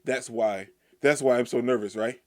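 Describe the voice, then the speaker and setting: A man reading the inner thoughts of a nervous, brooding young male wolf from a manga, slow and hesitant. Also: medium pitch, a little mellow, close to an everyday voice.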